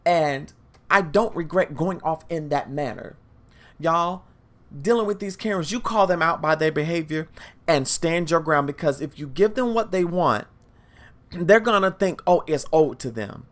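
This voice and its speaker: A woman's voice: on the low side, measured pace, fairly bright tone. A woman hosting a podcast, telling a story in a monologue and speaking emphatically and directly to her listeners. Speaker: podcast host.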